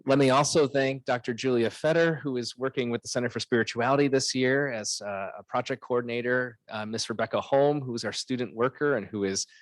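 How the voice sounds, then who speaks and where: A man's voice: medium pitch, fairly quick, few pauses, dry recording. A man hosting the event, formally thanking the speaker and staff in a courteous way. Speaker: event host.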